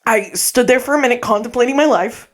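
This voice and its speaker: Animated storytelling woman, swears and laughs. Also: on the high side, fast talker. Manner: animated, swearing, acts out her own quotes, laughs often. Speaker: podcast co-host. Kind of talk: casual storytelling chat. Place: podcast recording space.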